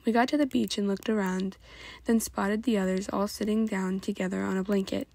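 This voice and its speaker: A woman's voice: mid-range voice, steady tone, a little fast, vocal fry, a little mellow, no room sound. A woman reading fan fiction aloud in a plain, unpolished way with occasional slips. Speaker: reader.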